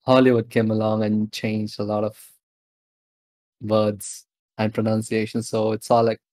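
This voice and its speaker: A man's voice: lowish voice, completely flat delivery, unhurried, darkish tone, no room sound. Laughing Indian man in a casual chat. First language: Telugu. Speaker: podcast co-host.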